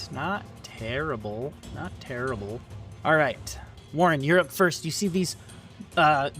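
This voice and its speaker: A man's voice: a little high, a bit bright. Man running a tabletop game, music behind. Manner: loose narration with many fillers and restarts. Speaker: game master.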